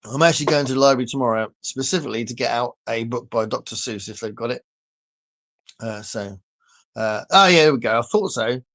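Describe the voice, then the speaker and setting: A man's voice: medium pitch, fairly quick, a bit bright. A man with a southern English accent chatting casually on a live stream, rambling loosely and reading out viewer comments. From southern England. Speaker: livestream host reading comments. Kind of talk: casual chat.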